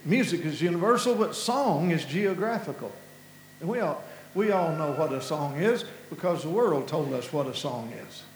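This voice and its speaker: A man's voice: on the high side, expressive, moderate pace, reverberant, slight background noise, poor audio. A man from Kentucky with an Appalachian accent, giving an impassioned sermon-style talk, repeating words and restarting as his voice rises with feeling. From Kentucky, USA.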